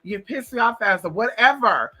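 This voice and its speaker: A man's voice: high voice, animated, normal speed, pushed and bright. A man telling stories in a casual, profane, sassy monologue, talking straight to his viewers, his voice a little strained. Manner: profane, sassy, addresses listeners as girl. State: voice strained, coming back. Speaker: spiritual vlogger.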